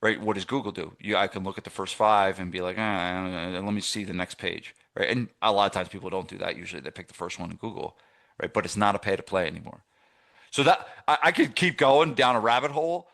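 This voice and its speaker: A man's voice: lowish voice, quick pace, vocal fry, a bit bright. A middle-aged man from New Jersey coaching gym owners through a live masterclass, rambling and conversational with many fillers and restarts. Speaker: fitness business coach.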